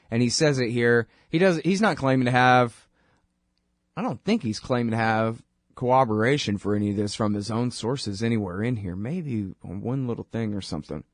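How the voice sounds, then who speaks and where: A man's voice: medium pitch, no echo. Dry-voiced man hosting a radio show. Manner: rambling, wry, conversational, quick asides. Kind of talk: casual monologue.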